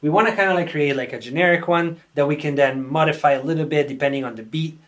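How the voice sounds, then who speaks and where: A man's voice: fairly high pitch, quick pace. A young man hosting a casual music-production tutorial, chatty and upbeat, with lots of "like" and "kinda".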